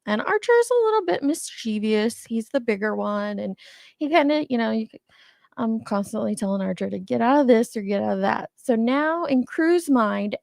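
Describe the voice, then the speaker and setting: Chatty gravelly grandma streamer. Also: female voice, medium pitch, no echo, clean studio sound. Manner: chatty, greets viewers, laughs often. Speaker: livestream host. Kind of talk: casual live chat.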